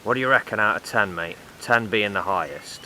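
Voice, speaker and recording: A man's voice: fairly low pitch, a little fast, bright, forceful tone, a little hiss or hum. A man voicing a crude, boastful male builder who talks leeringly about women on his lunch break. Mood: leering banter. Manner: leering, boastful, mate-peppered banter.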